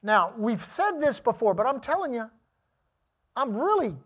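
A man with a high voice preaches an emphatic sermon, rising into shouts and dropping into quiet asides. He calls out to his congregation for responses as he goes. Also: big pitch swings, moderate pace. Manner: emphatic, swinging between shouted peaks and hushed asides.

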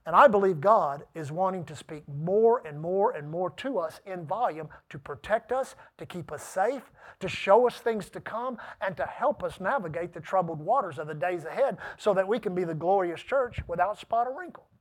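Male preacher, high-pitched, emphatic, calls for congregation responses, big swings from shouts to hushed asides. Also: animated, normal speed, hardly any pauses. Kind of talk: sermon.

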